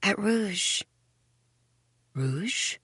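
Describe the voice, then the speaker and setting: A woman voicing an eerie, cold young girl who speaks softly, smiling and half-whispering. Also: mid-range voice, a little slow, slightly rough, no room sound, clean studio sound. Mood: dreamy.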